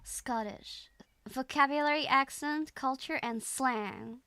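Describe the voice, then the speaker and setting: A woman's voice: sits high, slow pace, pushed and bright, no room sound. A young woman streaming, giggling and repeating words as she practices accents. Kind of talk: livestream chat.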